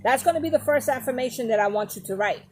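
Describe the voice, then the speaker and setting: Emphatic woman giving advice, slightly high voice. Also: lively intonation, fast, a little mellow, husky. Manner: emphatic, talks straight to viewers, repeats points. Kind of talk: casual advice talk to camera.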